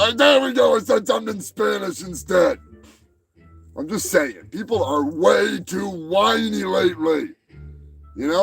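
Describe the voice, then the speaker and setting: High-voiced, gravelly ranting man. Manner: crude, mocking, shouts when worked up. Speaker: podcast host. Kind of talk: profane comedic rant.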